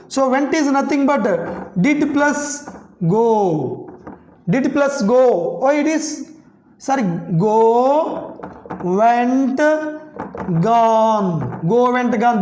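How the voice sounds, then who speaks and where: High-voiced woman teaching grammar slowly. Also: a little mellow. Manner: slow and repetitive, dictating sentences word by word, frequent "okay". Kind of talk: classroom grammar explanation. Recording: echoey room.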